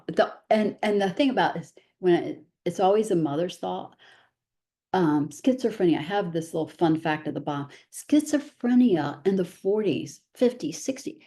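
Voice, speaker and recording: Presenting to parents in a chatty way, a middle-aged mother of a child with special needs keeps asking "right?" and pokes fun at herself. Her voice is medium-pitched with a dark tone.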